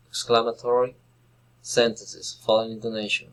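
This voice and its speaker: A man whose first language is Spanish, reading English pronunciation drills aloud slowly and carefully as a language student. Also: on the low side, fairly even intonation, rough recording. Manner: slow, careful, deliberate reading of word pairs and sentences.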